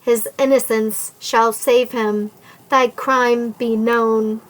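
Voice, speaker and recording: A dignified young woman standing firm against her tormentor, voiced by a female reader. Her replies are calm, resolute and unhurried, in a somewhat high voice. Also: poor audio. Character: steadfast young woman defying her captor.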